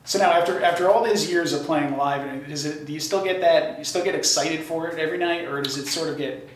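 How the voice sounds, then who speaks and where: A man interviews a guest casually, talking fast and with some stumbles. His voice is somewhat high, and it sounds echoey, with a faint hiss behind it. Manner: chatty and quick, stumbling restarts. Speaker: interviewer, concert photographer. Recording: echoey room, faint noise.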